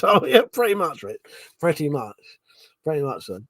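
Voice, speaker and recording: A man's voice: a little high, big pitch swings, normal speed, pauses often, a bit bright, no echo. A man hosting a casual late-night live stream chat, rambling, swearing a lot and laughing often.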